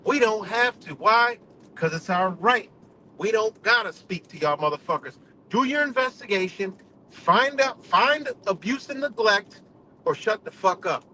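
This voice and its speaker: A man's voice: sits high, expressive, measured pace, pushed and bright, a little hiss or hum, rough recording. A man hosting a live stream, ranting bluntly with heavy cursing and lots of "you know" fillers, from New York State. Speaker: livestream host. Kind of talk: profane casual rant.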